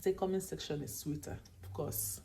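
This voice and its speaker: A woman's voice: low-pitched, fairly even intonation, moderate pace, gravelly, mellow, far from the mic, a little hiss or hum. A Nigerian woman hosting a live stream who exhorts her viewers in a preachy, emphatic way, often asking "hmm?" as she goes. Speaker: livestream host. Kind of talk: motivational live stream chat.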